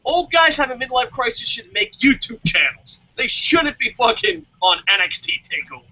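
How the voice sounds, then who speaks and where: A man hosting a wrestling review show, ranting loudly with constant swearing and mocking voices. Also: very high voice, very animated, normal speed, low-quality recording. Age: adult, calls himself old. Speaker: wrestling vlog host. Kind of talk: profane comedic rant. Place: lives in Tokyo.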